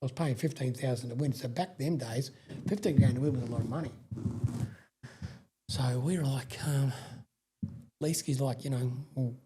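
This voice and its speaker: A man's voice: mid-range voice, normal speed, pauses often, mellow, a little hiss or hum. A middle-aged Australian man telling rambling stories as a podcast guest, swearing freely and often restarting his sentences. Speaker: guest, sprintcar racing veteran. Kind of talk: casual storytelling interview.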